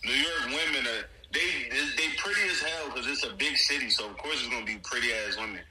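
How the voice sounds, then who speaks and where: Blunt jersey guy on a podcast, swearing a lot, loud hiss behind him. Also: medium pitch, quick pace. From New Jersey. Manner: blunt, opinionated, profane. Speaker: podcast co-host. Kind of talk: casual banter. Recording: loud background noise.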